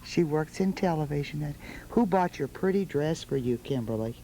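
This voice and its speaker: A woman's voice: low voice, animated, normal speed, mellow, slight background noise, rough recording. A woman hosting a holiday television show in a studio, coaxing small children with sing-song questions. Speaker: television host.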